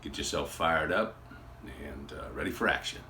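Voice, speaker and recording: A man's voice: extremely low pitch, moderate pace, sharp tone, a little hiss or hum. A man chatting casually as he unboxes on a phone, folksy and rambling, with many fillers and restarts. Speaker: gun hobby vlogger.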